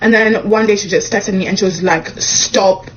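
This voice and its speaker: Young woman, comedian, casual storytelling, animated, faint background noise. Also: dull audio. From Kenya. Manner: animated, acts out the dialogue with quick pitch jumps. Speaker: comedian telling a personal story.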